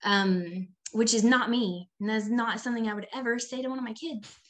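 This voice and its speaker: A woman's voice: fairly high pitch, fairly even intonation, moderate pace. A woman in her thirties, a mother of several children, talking in a casual conversation with many "like" fillers. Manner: chatty, many "like" fillers, acts out quoted voices.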